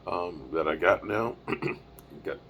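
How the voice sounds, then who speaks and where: Tired 50s guy streaming from the road, low voice, rambly, bit of hiss behind. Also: takes it slowly, creaky, fairly bright tone. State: tired, yawning. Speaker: live streamer. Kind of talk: casual live-stream talk. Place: on the road, mobile setup. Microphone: microphone with small mixer.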